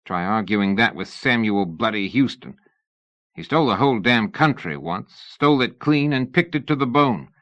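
A cocky, streetwise rogue who grumbles low and talks bluntly, as a male narrator puts him on. The voice sits deep and close, with a dry, muffled sound. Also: lively intonation, normal speed, a bit bright, no room sound. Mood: gruff. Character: cocky streetwise London man, gruff and blunt.

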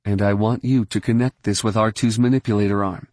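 A man voicing a steady, calm Jedi leader. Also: lowish voice, brisk, no echo, clean studio sound, lightly acted.

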